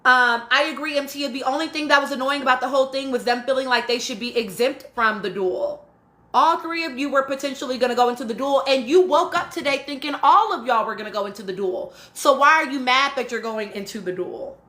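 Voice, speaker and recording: A woman's voice: sits high, a little fast, sharp tone, reverberant. A woman hosting a live stream, talking casually and emphatically and often checking in with "right?" as she reads and answers chat comments. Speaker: podcast host reading live chat.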